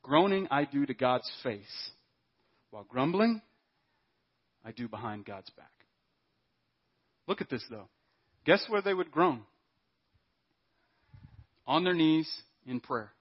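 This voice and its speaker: A man preaching a sermon as a pastor, emphatic and then dropping to hushed asides. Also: medium pitch, big pitch swings, takes it slowly, long pauses, slightly rough, dull audio. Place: church.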